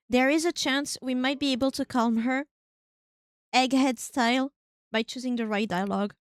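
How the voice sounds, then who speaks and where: A woman's voice: sits high, moderate pace, no room sound. A woman streamer casually talking through a story game, thinking aloud about which choices to make. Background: game music.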